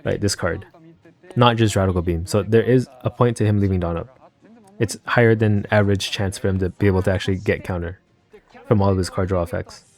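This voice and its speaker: Low mellow-voiced man commentating a match. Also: fairly even intonation, brisk, faint music behind. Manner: rambling, thinking aloud, self-correcting, chatty asides. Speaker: card game YouTuber and match commentator. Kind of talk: casual live reaction commentary on a card game match.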